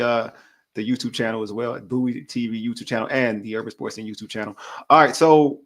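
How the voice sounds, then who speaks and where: A man hosting a casual sports podcast, relaxed and conversational, often chiming in with short agreement. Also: lowish voice, a little fast, creaky. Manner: relaxed, frequent agreeing backchannels. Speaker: podcast host.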